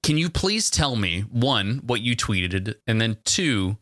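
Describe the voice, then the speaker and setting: Male podcast co-host, crisp bright tone, dry mic, rambling casual banter. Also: fairly low pitch, sing-song, slow, dry recording. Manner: rambling, jokey. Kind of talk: casual chat. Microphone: single mono microphone.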